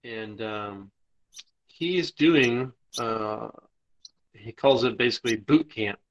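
A male caller speaking in casual chat, halting and hesitant with fillers. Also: mid-range voice, dull audio.

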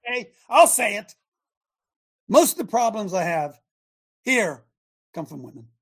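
A middle-aged man hosting a talk show, speaking in an animated, emphatic way with lots of repetition. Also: high voice, normal speed, husky. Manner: animated, emphatic, repeats himself, often laughs. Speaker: show host. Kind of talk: casual talk show monologue.

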